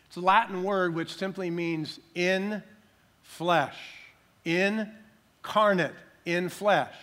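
An older man preaching a sermon as pastor, emphatic, slowing down to stress key words. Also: high voice, fairly bright tone.

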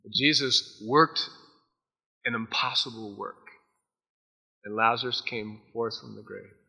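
A man preaching a sermon, retelling Bible stories in a casual, animated way and acting out the characters' lines. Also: medium pitch, slow pace, gravelly, slightly rough. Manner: storytelling, acts out the voices of Bible figures. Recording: long hall reverb.

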